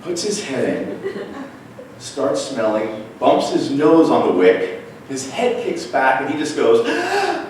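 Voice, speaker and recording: A man telling a personal story on stage at a storytelling class, wry and animated, mimicking voices for punchlines. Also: medium pitch, slow, a little hiss or hum. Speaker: storyteller at a live class show. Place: small theater with an audience. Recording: echoey room recorded from far off.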